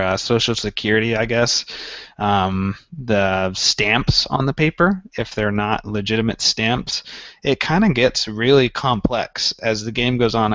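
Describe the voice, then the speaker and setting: With a lowish, sharp-toned voice, this gaming podcast co-host wanders through anecdotes, voicing his own past thoughts as he goes. The recording has no room sound and comes across dull, dry, and a bit lo-fi.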